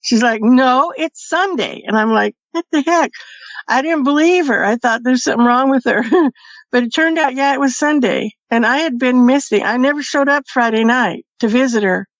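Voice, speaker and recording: A woman recounts a personal experience in a chatty, easygoing way, laughing between phrases. Her voice sits a little high, and the recording sounds dull and completely dry. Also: a little fast, no echo. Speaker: podcast guest. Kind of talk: casual storytelling.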